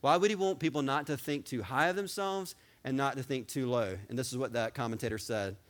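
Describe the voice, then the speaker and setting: A man preaching a sermon as pastor, talking with excited energy that rises at times into yelling. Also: mid-range voice, fairly quick.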